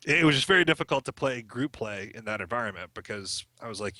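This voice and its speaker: Middle-aged male podcast guest, bright and forward, chatty storyteller who laughs often, dry close mic. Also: lowish voice, quick pace, hardly any pauses, no room sound. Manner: chatty, laughs often while telling stories. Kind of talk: casual storytelling chat.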